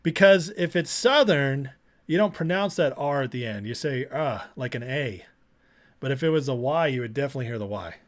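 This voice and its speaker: A man hosting a casual live stream, talking at an ordinary middle pitch. He rambles and circles back, repeating phrases as he chats straight to his viewers. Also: expressive, a little fast. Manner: rambling, restarts, repeats himself, chatty with viewers. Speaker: political livestream host. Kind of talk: casual live-stream commentary and closing prayer.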